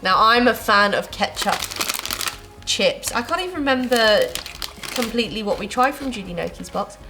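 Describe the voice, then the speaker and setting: A young British woman co-hosting a casual taste-test chat, bubbly and easily excited. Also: a little high, moderate pace, over music, poor audio. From United Kingdom. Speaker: co-host.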